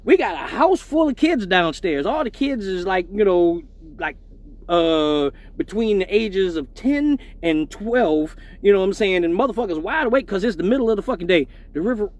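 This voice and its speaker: A man with a notably high voice tells a raunchy story on his live stream. He swears constantly, laughs at his own tale and talks casually and animatedly. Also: lively intonation, moderate pace, darkish tone.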